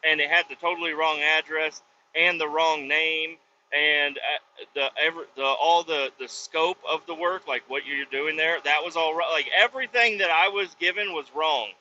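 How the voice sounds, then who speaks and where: A man casually telling a rambling work story from inside his truck, profane and animated, acting out the people he quotes. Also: a little high, normal speed, muffled recording, a little hiss or hum. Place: inside a pickup truck with windows down.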